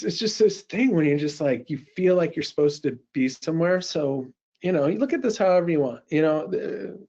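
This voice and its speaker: A middle-aged man gives a lively sales pitch and walks through a software demo, his voice sitting fairly high for a man. He talks fast and conversationally, often restarting his sentences. The audio sounds dull and a bit lo-fi. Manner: energetic, conversational, full of quick restarts. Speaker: sales presenter.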